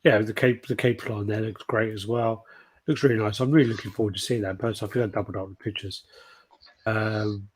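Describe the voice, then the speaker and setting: A man's voice: fairly low pitch, steady tone, brisk, husky. A man co-hosting a casual podcast about collectible statues, rambling, swearing casually and laughing often. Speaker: podcast co-host.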